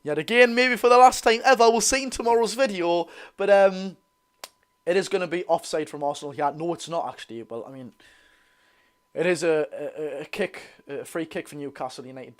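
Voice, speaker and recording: A young man with a Geordie accent giving excitable, bantering live commentary on a football match while reading out viewer comments. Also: fairly high pitch, fairly quick. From North East England. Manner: excitable, banter-filled, reads chat aloud. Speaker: football channel host.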